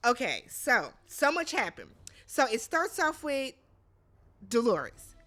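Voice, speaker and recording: A woman with a bright, high voice recaps a reality show in a loose, chatty way. She piles on slang and keeps slipping into quick impressions of the players she describes. Her tone stays sharp and forward throughout. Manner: animated, slangy, quotes people in put-on voices. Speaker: recap vlogger.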